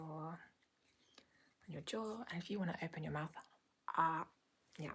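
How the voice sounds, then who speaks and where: A woman in a whispered role-play as a doctor giving a gentle checkup, speaking softly and unhurriedly with hesitant pauses. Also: sits low, husky. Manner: soft-spoken and unhurried, with frequent hesitant "um"s. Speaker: ASMR creator playing a doctor. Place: small indoor home filming room.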